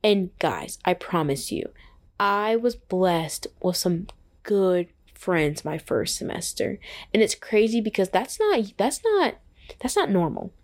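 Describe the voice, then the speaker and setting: An excitable young woman sits at the mic of her own podcast and talks through her faith in a casual, earnest way. Her voice sits at an ordinary pitch, and she often pauses on "like" as she finds her words. She comes across as heartfelt and easygoing. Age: young adult. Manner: earnest and excitable, heavy use of "like". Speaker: podcast host. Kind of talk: casual faith-based reflection.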